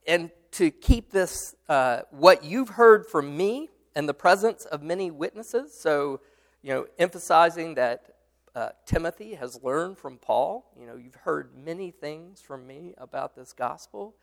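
Guy teaching a bible study class, gravelly, bit high, lots of ums and restarts. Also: lively intonation. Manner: halting, many fillers and restarts; explains patiently, responds to students. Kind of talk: leading a Bible study discussion.

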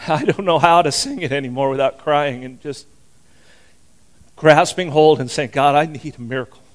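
An older man preaching a sermon as pastor, folksy and rambling, chuckling often as he talks. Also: a little high.

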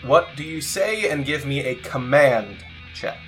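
A man's voice: medium pitch, lively intonation, a little slow, a bit bright, faint music behind. A man running a tabletop role-playing game, narrating events and calling for rolls. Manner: narrating actions, calling for checks. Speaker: game master.

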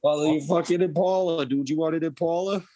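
A man's voice: on the high side, steady tone, fairly quick, dark tone. A man on a comedy podcast, teasing the others with stammering, mocking riffs. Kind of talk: improvised comedy banter.

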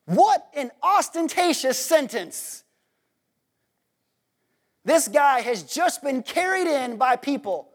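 A man preaching a sermon in an animated, worked-up and jokey way. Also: very high voice, takes it slowly, pauses often.

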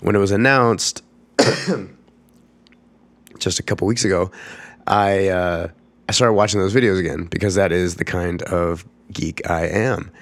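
A young man hosts a solo podcast, rambling casually while congested and coughing as he recovers from a cold. His voice sits low and sounds rough and stuffed-up, with many fillers and restarts. The recording is dry.

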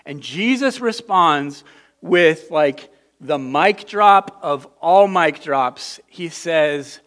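High-voiced, earnest male preacher. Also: expressive, drawn-out words, a bit bright. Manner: earnest, emphatic, often repeats words when restarting. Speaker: pastor. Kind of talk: conversational sermon.

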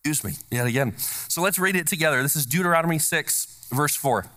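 A man's voice: fairly high pitch, animated, a little fast, bright, forceful tone. A man preaching a sermon to his congregation in a church. He speaks emphatically, repeats key phrases and asks the congregation to say words back to him. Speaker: pastor. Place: church sanctuary.

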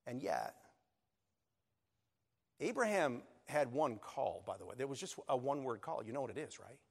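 Earnest pastor preaching in a reverberant hall. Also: male voice, mid-range voice, big pitch swings, moderate pace, vocal fry, husky. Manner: earnest, building to emphatic peaks. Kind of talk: sermon. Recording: long reverb of a church hall.

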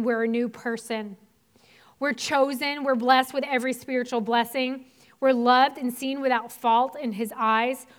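Clear-voiced woman preaching casually. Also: on the high side. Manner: casual conversational preaching with many fillers. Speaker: pastor's wife preaching. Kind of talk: sermon.

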